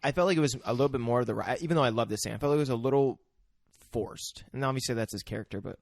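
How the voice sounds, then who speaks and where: A man's voice: medium pitch, very fast, gravelly, dry recording. A man co-hosting a podcast who adds easygoing comments and agrees often. His voice sits mid-range with a dry, close sound. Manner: relaxed, agreeable, chiming in with short remarks. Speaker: podcast co-host. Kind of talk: casual chat discussing a movie.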